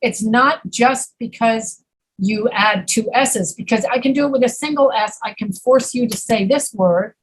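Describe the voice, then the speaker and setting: A woman teaching an English pronunciation class, patiently repeating words slowly to demonstrate sounds. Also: a little high, slightly rough, rough recording. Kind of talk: online pronunciation lesson.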